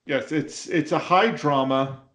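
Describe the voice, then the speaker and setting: A man's voice: fairly high pitch, a little slow. A man co-hosting a casual podcast, recapping an anime and often restarting his sentences. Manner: stammering restarts, animated when quoting. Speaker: podcast co-host. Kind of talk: casual anime review chat. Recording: roomy echo.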